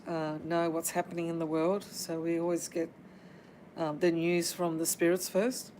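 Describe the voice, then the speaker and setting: A woman's voice: on the low side, warm tone, a little hiss or hum, low-quality recording. A woman hosting a paranormal livestream. She chats casually, calls out to spirits, and fills her talk with ums and uhs. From Australia. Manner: halting, full of ums and uhs.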